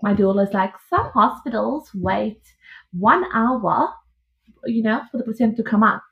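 Woman, young adult, high voice, animated storytelling, laughs often, muffled lo-fi sound. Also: measured pace, creaky. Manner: animated, laughing, acts out her own past lines. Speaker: podcast guest. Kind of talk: casual birth story telling. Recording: dull lo-fi audio.

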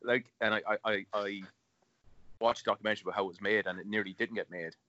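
A man co-hosting a movie chat, swearing and telling stories in a casual, animated way. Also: fairly low pitch, fast, dry recording. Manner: swearing, animated storytelling with laughs. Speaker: podcast co-host. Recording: dull, muffled audio.

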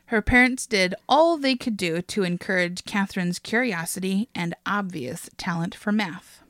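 A woman's voice: medium pitch, moderate pace, a bit bright, no room sound, studio quality. A woman hosting a casual chat podcast, retelling a history story with frequent laughs and casual swearing.

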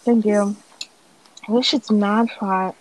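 A woman's voice: medium pitch, fairly even intonation, takes it slowly, noisy background. A woman co-hosting a casual podcast, chatting in a laid-back, profane way. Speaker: podcast co-host. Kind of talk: casual chat.

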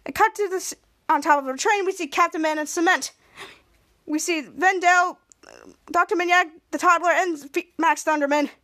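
A woman hosting a podcast, recapping a TV episode in a halting way, often restarting and repeating herself. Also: very high voice, bright, forceful tone. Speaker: podcast host.

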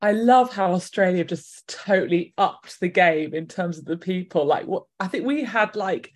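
Playful woman, lowish voice. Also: lively intonation, normal speed. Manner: playful, teasing. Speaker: podcast co-host. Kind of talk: casual chat.

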